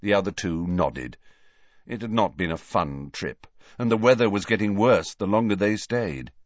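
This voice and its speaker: Man, audiobook narrator, low voice, lively intonation, dry slightly muffled audio. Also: moderate pace, no room sound. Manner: expressive storytelling.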